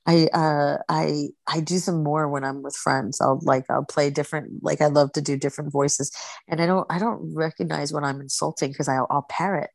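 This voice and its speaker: A woman chatting casually as a podcast guest, animated and laughing often, restarting her sentences as she goes. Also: low voice, normal speed, gravelly, no echo. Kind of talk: casual chat.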